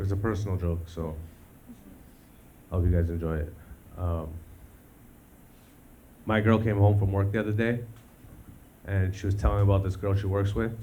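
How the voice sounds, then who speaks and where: A man doing stand-up comedy while high, laid-back, swearing and laughing at his own jokes. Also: mellow. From Canada. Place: live comedy stage. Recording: live venue with audience noise.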